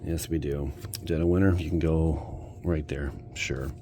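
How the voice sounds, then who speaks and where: A man's voice: rumbling low, steady tone, unhurried, warm tone, slight background noise. An American man hosting a casual pack-opening video, joking and talking straight to his viewers. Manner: playful, jokey, talks to viewers. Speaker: channel host opening card packs.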